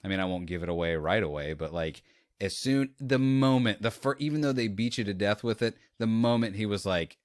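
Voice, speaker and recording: A man with a fairly low voice talks through a film he just watched, rambling and acting out bits of scenes. He sounds close and dry, in casual podcast chat. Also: brisk, dry recording. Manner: rambling, animated retelling with quoted lines and laughs. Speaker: podcast co-host. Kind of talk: casual movie review chat.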